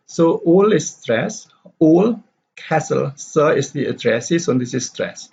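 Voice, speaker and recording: A man teaching English stress and intonation, explaining slowly with frequent pauses and fillers, on a dull lo-fi recording. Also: fairly high pitch, expressive, gravelly, darkish tone, breathy edge. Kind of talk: explaining stress in story reading.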